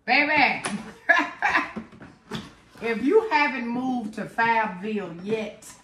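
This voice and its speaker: A woman, chatting excitedly and dramatically to viewers while unboxing gifts at home. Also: on the high side, slow. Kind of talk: casual chat to viewers. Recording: roomy echo, faint noise.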